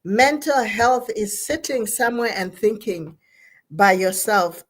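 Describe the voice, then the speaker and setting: Woman therapist, unhurried, emphatic motivational speaker. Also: mid-range voice, slightly rough. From Zambia. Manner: emphatic, repeats and spells out key words. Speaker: therapist speaking at an online gathering. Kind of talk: motivational talk on mental health.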